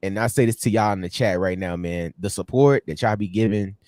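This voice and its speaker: A man co-hosting a sports livestream, telling stories in an animated, slangy way with lots of laughs. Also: fairly low pitch, a little fast, dry recording, clean studio sound. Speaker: sports show co-host. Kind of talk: casual livestream chat.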